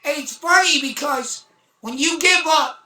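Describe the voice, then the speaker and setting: Intense blunt woman, high voice, distant. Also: unhurried. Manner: intense, blunt, swears, bursts into shouting. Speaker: livestreamer. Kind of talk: casual storytelling livestream. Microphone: phone. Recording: roomy echo, far from mic.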